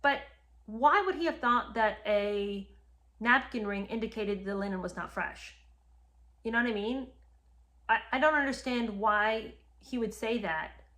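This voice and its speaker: A woman's slightly high, bright voice carries a forceful tone and a measured pace as she hosts her history podcast. She narrates events to her listeners directly, reacting indignantly in lively commentary.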